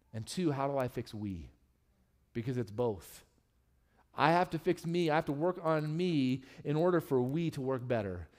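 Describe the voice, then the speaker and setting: Candid, joking male pastor preaching. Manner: candid and humorous, with lively swings in pitch and loudness. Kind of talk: sermon. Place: church sanctuary.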